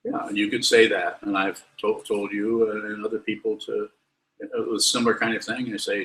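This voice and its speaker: A man's voice: fairly low pitch, flat delivery, normal speed, a bit bright. A man giving a Buddhist dharma talk, blunt and wry, fielding questions from students. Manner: blunt, wry, lectures then lets students ask. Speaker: Buddhist teacher. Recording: roomy echo.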